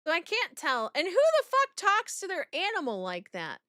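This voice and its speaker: A woman's voice: very high-pitched, huge pitch swings, normal speed, bright, forceful tone, no room sound, clean studio sound. A woman streamer chatting through a game reaction in a blunt, profane, giggly way.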